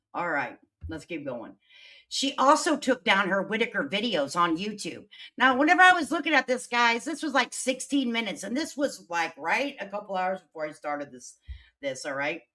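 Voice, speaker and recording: A woman commenting on online drama during a livestream, reading posts aloud and answering them with sarcasm and sudden loud outbursts. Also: big pitch swings, normal speed. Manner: sassy, sarcastic, swings between loud outbursts and low mutters.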